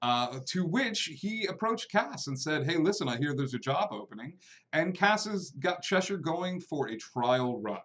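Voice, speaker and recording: Guy running a tabletop game, chill, lots of uhs, middle pitch. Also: a bit bright. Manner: casual with many fillers, voices NPCs lightly. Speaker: game master.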